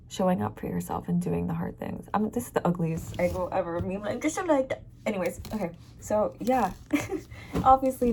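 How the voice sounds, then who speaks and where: A woman's voice: medium pitch, vocal fry, darkish tone. A young woman talks straight to her camera in a loose, rambling way. She keeps interrupting herself with asides and small laughs. A faint background noise sits under the recording. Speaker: vlogger. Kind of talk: casual self-help vlog talk.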